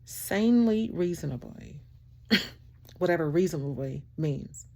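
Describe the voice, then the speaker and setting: A woman's heartfelt, animated motivational vlog comes across as preachy, peppered with laughter and with the listener called "baby" and "child." Her voice sits low, and she speaks at a measured pace.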